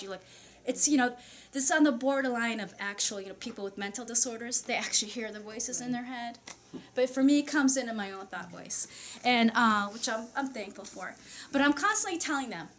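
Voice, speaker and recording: A woman's voice: a little high, a little hiss or hum. Chatty woman speaking to a group. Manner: chatty, animated, with frequent fillers and laughs. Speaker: channeler and workshop speaker. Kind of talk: casual talk to an audience. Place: society meeting room.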